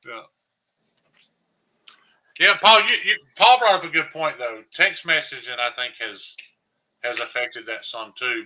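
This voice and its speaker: A man's voice: mid-range voice, pushed and bright, rough recording. A middle-aged man, a knife maker, chatting frankly and admitting his own faults. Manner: frank, self-deprecating, rambling. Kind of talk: casual chat.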